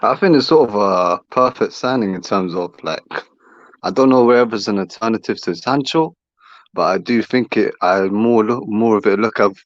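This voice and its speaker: A man's voice: fairly low pitch, dry recording. A man calling in to a fan show, thinking aloud in a rambling way with many fillers. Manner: thoughtful, rambling with fillers like sort of and like. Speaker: caller. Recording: dull call-in line.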